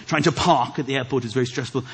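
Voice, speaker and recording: A man hosting a comedy show, doing a stand-up routine with animated delivery, acting out voices and shouting punchlines. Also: medium pitch, quick pace, vocal fry. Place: large theatre with live audience. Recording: loud crowd laughter and noise.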